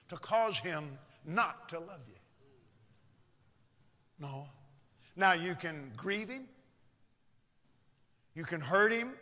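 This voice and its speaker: A man preaching a sermon in a church, dramatic and swinging from loud shouts to hushed whispers. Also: high voice, lively intonation, slow pace, pauses often. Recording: long reverb of a large hall.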